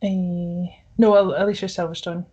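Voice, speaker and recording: A woman co-hosting a podcast, chatting away in a relaxed, friendly back-and-forth. She laughs easily and often, and her talk runs on with lots of small asides. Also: fairly low pitch, slightly rough, lo-fi sound. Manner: giggly, chatty, quick to laugh. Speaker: podcast co-host. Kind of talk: casual chat.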